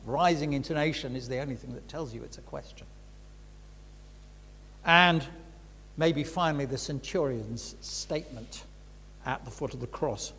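A man's voice: mid-range voice, moderate pace, long pauses, a bit bright, slightly rough. An older man giving a reflective Bible teaching talk as a preacher, frank and conversational, with emphatic stresses. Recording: long reverb of a large hall.

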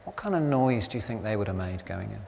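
A man's voice: on the low side, animated, quick pace, vocal fry, a little mellow, slight background noise. A middle-aged man preaching a sermon as pastor, talking in a chatty, anecdotal way with wry humour. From Britain. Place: church. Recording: church hall reverb, faint ambience.

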